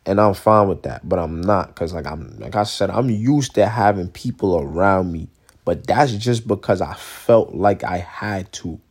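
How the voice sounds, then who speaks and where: A young man in a casual, profane monologue, rambling and blunt, swinging between loud outbursts and low mutters. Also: lively intonation, measured pace.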